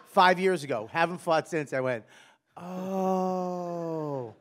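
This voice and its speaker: A middle-aged man, telling profane stories loudly in casual podcast chat. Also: on the high side, normal speed. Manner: loud, profane, animated storytelling. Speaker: guest comedian.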